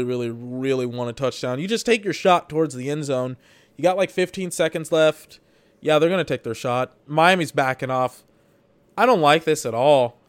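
A man giving rambling, exasperated commentary while he watches a football game for his podcast, swearing now and then. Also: fairly high pitch. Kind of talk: live watch-along commentary.

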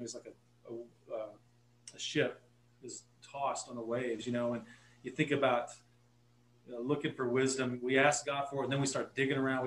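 A man's voice: mid-range voice, roomy sound, slight background noise, low-quality recording. A man with a Texan accent, a guest pastor telling a story in casual podcast talk, earnest and correcting himself as he goes.

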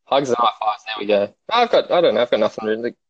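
A man's voice: medium pitch, very animated, fast, a crowd in the background. A young Australian man chatting casually as a podcast guest, laid-back and joking, often stumbling and restarting his sentences. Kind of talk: casual chat. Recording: dull lo-fi audio.

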